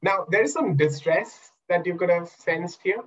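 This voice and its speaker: Guy coaching in a webinar, pitched a bit high, muffled video call audio, keeps asking questions. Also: normal speed. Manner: explains by asking questions and acting out examples. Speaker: NLP coach and trainer. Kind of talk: webinar talk.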